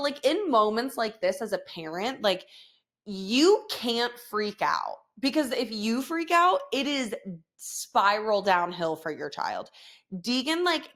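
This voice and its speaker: Using a podcast microphone, a woman hosting her own podcast tells a story in a mid-range, fairly bright voice. Her delivery is profane, dramatic, casual, and full of fillers.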